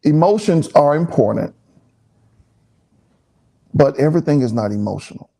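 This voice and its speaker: Man, preachy, emphatic, animated pitch, warm dark tone. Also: moderate pace, creaky. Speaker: pastor and co-host. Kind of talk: relaxed teaching chat.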